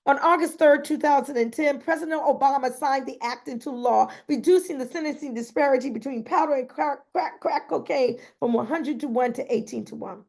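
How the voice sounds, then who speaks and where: A woman's voice: high voice, brisk, vocal fry, few pauses, a little mellow. A woman reading aloud from her own memoir in an earnest, emotional way, breaking off now and then to add personal comments. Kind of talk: reading aloud with spontaneous asides.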